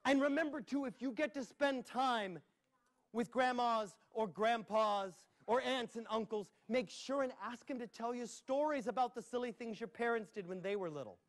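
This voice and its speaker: A man's voice: extremely high pitch, normal speed. A man telling a playful tale to children at a library, with sound effects and asides. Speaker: storyteller. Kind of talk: live storytelling for children. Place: public library.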